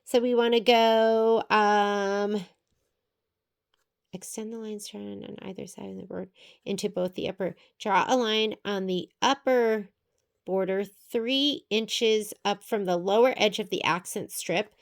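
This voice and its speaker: Her voice is medium-pitched and creaky, with fairly even intonation and a slightly slow pace. In this quilting lesson she chats her way through every step, thinking out loud as her hands keep busy.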